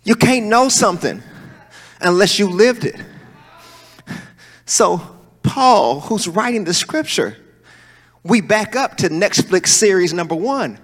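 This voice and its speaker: High, lively preacher in echoing hall. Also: male voice, slow pace, pauses often. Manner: swings between soaring shouts and low asides. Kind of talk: sermon. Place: church hall. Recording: long hall reverb.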